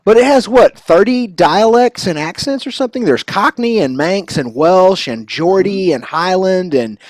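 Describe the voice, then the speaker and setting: A man's voice: high voice, animated, moderate pace, darkish tone, no echo. An American man hosting a live stream, chatting casually in a talkative, rambling way. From United States. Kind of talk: casual group chat.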